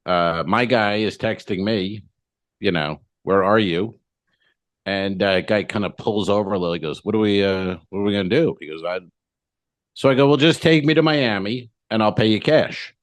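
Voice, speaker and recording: A man with a lowish voice tells a rambling story on a comedy podcast, acting out both sides of the conversation. He swears freely and keeps it loose. The sound is dry and close, with no room around it. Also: moderate pace, no echo. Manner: profane, storytelling, acts out both sides of dialogue. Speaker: podcast co-host. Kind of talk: casual comedic chat.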